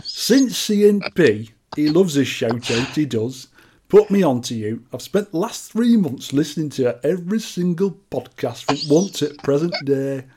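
A man's voice: on the high side, animated, measured pace, warm tone, slightly rough. Man putting on an old Yorkshire pensioner. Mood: folksy. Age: 80s. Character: elderly male Yorkshire pensioner, chatty letter reader.

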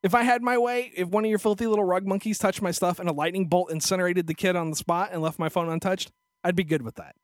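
A man's voice: high-pitched, fairly even intonation, fast talker, no echo. A male podcast host telling a story in a crude, profane, sarcastic rant into a studio microphone. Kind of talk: casual ranting storytelling.

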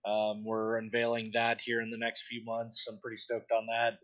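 A man's voice: on the low side, monotone, moderate pace, a bit bright, highs cut off. A young man chatting casually on a podcast, blunt and profane, rambling with lots of fillers. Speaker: podcast co-host, distillery industry board representative.

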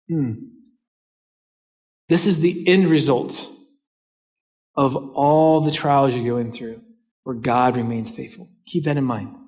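A man's voice: mid-range voice, darkish tone, long reverb tail. A man preaching a sermon as a pastor, telling a personal story and acting out the lines people said. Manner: storytelling, acts out quoted dialogue.

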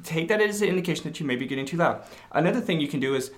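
A middle-aged man co-hosting a parenting talk show, thoughtful and halting, often restarting his sentences. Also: fairly high pitch, lively intonation. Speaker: podcast co-host. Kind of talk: casual parenting advice chat.

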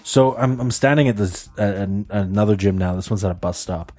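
A man on a podcast telling a story in casual chat, animated and swearing, laughing often. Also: fairly low pitch, brisk. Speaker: podcast co-host.

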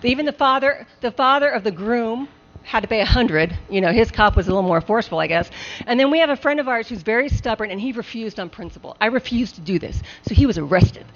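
A woman telling a comic story on a live show, animated and laughing often. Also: on the high side, quick pace. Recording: dull lo-fi live recording with faint hiss.

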